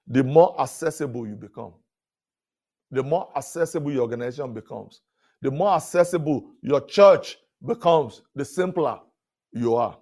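A male pastor giving a leadership talk at a conference, telling stories with chuckles and repeated words, often rising loud for emphasis. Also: mid-range voice, animated, normal speed. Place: conference stage before an audience.

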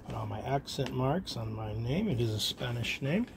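A man's voice: mid-range voice, lively intonation, moderate pace, vocal fry. A man casually chatting to viewers as he unpacks a box of baseball cards, talking to himself and dropping into whispers. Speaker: card collector vlogger. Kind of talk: casual unboxing chat. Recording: noisy home recording.

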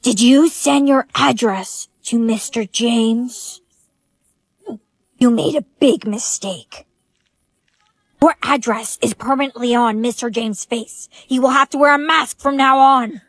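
High-voiced woman acting POV skits. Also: slow, no room sound. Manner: switches between many characters, dramatic. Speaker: skit creator.

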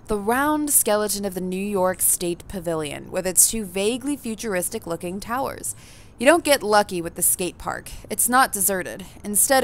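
A woman reading a visual novel aloud, expressive, breaking off to react and comment. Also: mid-range voice. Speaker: gaming streamer.

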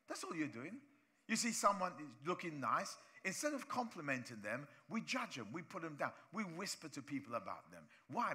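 A male pastor from preaching a sermon in church, animated, acting out voices of people he talks about. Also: on the high side.

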